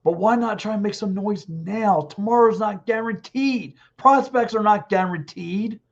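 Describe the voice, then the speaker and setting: A man in his fifties hosting a podcast, talking sports alone and reading out live comments, blunt and excitable, repeating himself, a little hoarse with a dry throat. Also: high-pitched, measured pace. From Philadelphia. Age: 50s. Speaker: podcast host. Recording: dull lo-fi stream audio.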